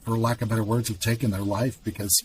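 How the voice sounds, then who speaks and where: A man's voice: lowish voice, little pitch movement, fast talker, darkish tone, soft background music, rough recording. A man appearing as a guest on a casual faith podcast, talking in an emphatic, candid way.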